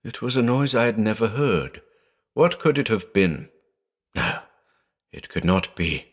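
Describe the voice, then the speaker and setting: A man's voice: lowish voice, big pitch swings, unhurried, pitched above the performer's own voice. A man voicing a terrified old blind man who reasons anxiously, then breaks into frantic shrieks. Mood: fearful. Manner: fearful, rising to frantic shrieks.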